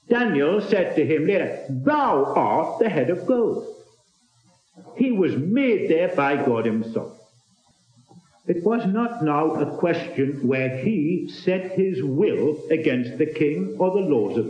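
A man's voice: a little high, a little mellow. A man preaching a sermon with emphasis, repeating key phrases to drive his points home. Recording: roomy, dull lo-fi recording.

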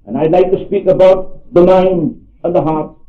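A man's voice: high-pitched, normal speed. An older man preaching a sermon, earnest and emphatic, repeating key phrases for stress. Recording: echoey hall over a tinny phone-like line.

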